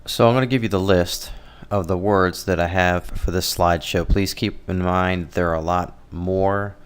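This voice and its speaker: Over a slideshow, a man with a deep, smooth voice teaches Spanish vocabulary, explaining things in a relaxed way and correcting himself as he goes.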